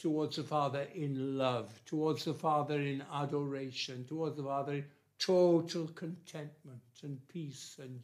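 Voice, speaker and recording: A male preacher delivers his sermon slowly and deliberately. His voice sits a little high for a man. He drops to a hush and then swells loud to press home each point. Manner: emphatic, swings between soft and loud.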